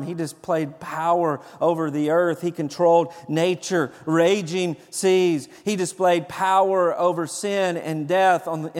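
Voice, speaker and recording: A man's voice: a little high, a little mellow, in a large hall. A man preaching a sermon as pastor, building to emphatic bursts of conviction. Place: church sanctuary.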